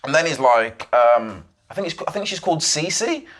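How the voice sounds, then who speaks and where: A young man hosting his own solo podcast retells events at length, emphatic and rambling, with frequent restarts and asides. His voice is fairly high, sing-song and fairly bright, at a normal speed.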